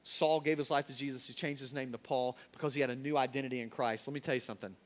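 A man's voice: medium pitch, steady tone, quick pace. A man preaching a sermon in a colloquial, emphatic storytelling manner.

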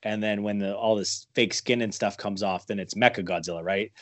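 Man, low voice, dry close sound, casual rambling chat, swears freely. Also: steady tone, fairly quick, a bit bright, no echo. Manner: rambling, profane, self-mocking theorizing. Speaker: podcast co-host.

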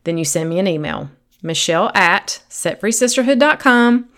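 With lively intonation and a slightly bright, mid-range voice, a woman talks at normal speed. This podcast host and sobriety coach runs a faith-based coaching show; she's earnest and encouraging, speaking to one listener and at times quoting their imagined inner thoughts aloud.

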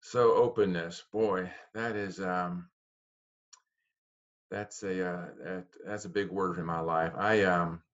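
A man's voice: deep voice, fairly even intonation, highs cut off. A man starting his share in a recovery support meeting, hesitant and searching for words. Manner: slow, hesitant. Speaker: support group member.

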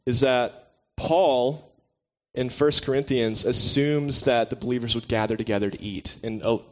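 A man's voice: mid-range voice, normal speed. Laid-back joking man preaching. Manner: relaxed and joking, chats with the listeners. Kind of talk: casual conversational sermon.

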